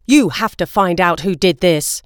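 A woman's voice: fairly low pitch, measured pace, dry recording, studio quality, natural voice. Woman reading a grumpy, fed-up father. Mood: annoyed. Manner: gruff, fed-up delivery. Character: grumpy working father, easily annoyed.

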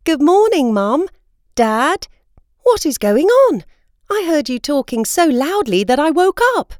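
Woman voicing curious daughter Iris, high and questioning. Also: big pitch swings, measured pace, a little mellow, no echo, clean studio sound. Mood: puzzled.

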